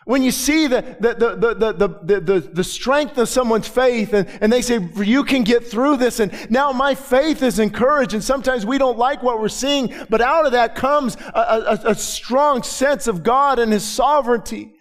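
A middle-aged male pastor preaching a sermon, moving from quiet storytelling to shouted, rising declarations. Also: very high-pitched, normal speed, few pauses. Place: church sanctuary with balcony.

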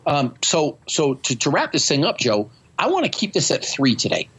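A man's voice: fairly high pitch, huge pitch swings, moderate pace, a bit bright, slightly rough, rough recording. A man hosting a podcast, telling stories in a blunt, profane, self-mocking way. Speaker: podcast host. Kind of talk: casual storytelling chat.

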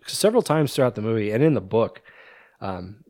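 A man's voice: fairly low pitch, sing-song, fairly quick, darkish tone, dry recording, clean studio sound. A man co-hosting a podcast, casually retelling a movie's plot with lots of ums and restarts. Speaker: podcast co-host.

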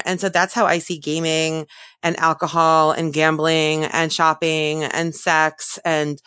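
A woman therapist answering interview questions in a thoughtful way, often pausing and correcting herself. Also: deep voice, fairly bright tone, no echo, studio quality. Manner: thoughtful, self-correcting, many fillers.

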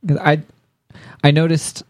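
A man's voice: a little high, completely flat delivery, a little slow, no echo. A man co-hosting a casual podcast chat, playful and easygoing. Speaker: podcast co-host.

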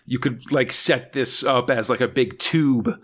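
A man's voice: medium pitch, a little slow, fairly bright tone. A man hosting a casual podcast chat, rambling and hesitant, with lots of fillers and small laughs. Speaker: podcast host.

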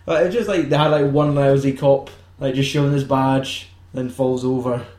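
A man's voice: medium pitch, steady tone, normal speed, darkish tone. Sweary man, roomy sound. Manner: sweary, laughing, acts out film lines in silly voices. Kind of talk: casual film chat. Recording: roomy echo.

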